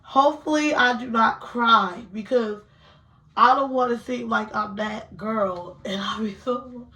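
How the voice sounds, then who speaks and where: A woman's voice: on the high side, measured pace, bright, forceful tone. A young woman chatting nervously to viewers in a casual home vlog. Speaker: beauty vlogger. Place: indoors at home.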